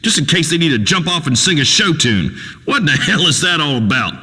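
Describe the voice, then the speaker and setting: A man's voice: a little high, very animated, a little fast, bright, forceful tone, husky, big-room sound, heavily acted. An actor playing a crude, preachy rural male talk radio host who rambles and pontificates in a folksy way. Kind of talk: radio call-in show acting.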